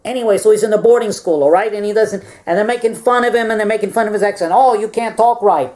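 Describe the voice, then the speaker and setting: Speaking at a racing pace in a medium-pitched, darkish voice, a woman rambles through a comic history lesson for her stuffed-animal audience. She keeps tacking "all right?" onto her lines and repeats words as she goes.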